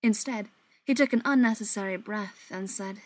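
A woman narrates a dark audiobook in an even, measured reading. Her voice sits at a middle pitch. The studio sound is close and dry. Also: dry recording. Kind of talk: scripted narration.

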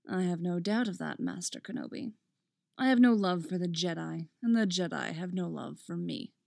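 A woman voicing a cold, menacing older male count, measured and calm, in a dry recording. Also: lowish voice, creaky, no echo. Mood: cool.

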